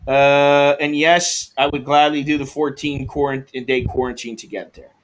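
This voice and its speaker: A man's voice: a little high, steady tone, normal speed, fairly bright tone, slight background noise. A man hosting a livestream, telling a frustrating delivery story and reading comments, swearing and acting out both sides of the calls. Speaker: livestream host.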